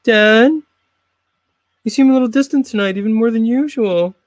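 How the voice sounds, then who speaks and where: A man voicing a whiny young son with a high, questioning voice. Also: normal speed, dry recording.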